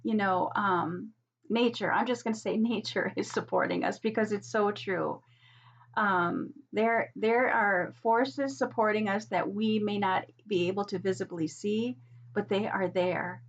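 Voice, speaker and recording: Earnest woman reading oracle cards, husky. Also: medium pitch, unhurried. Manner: soft, earnest, encouraging. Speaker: oracle card reader. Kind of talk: gentle spiritual card reading. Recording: dull lo-fi sound.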